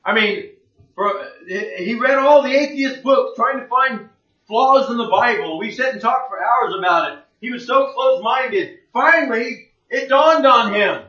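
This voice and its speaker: A man's voice: very high-pitched, measured pace, sharp tone. A man teaching the Bible in a conversational sermon, plain-spoken and fond of rhetorical questions. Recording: echoey room, distant mic, dull lo-fi.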